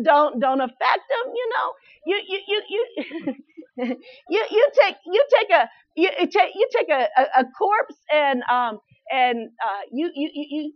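A woman preaching a sermon in an animated way, often repeating words in quick bursts and laughing as she speaks. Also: extremely high pitch, dry recording. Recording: dull, lo-fi, dry sound.

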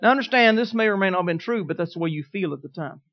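A man preaching a sermon, telling a personal story in a folksy way, swinging from quiet asides to emphatic declarations. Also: high voice, animated, rapid-fire, muffled recording. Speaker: pastor.

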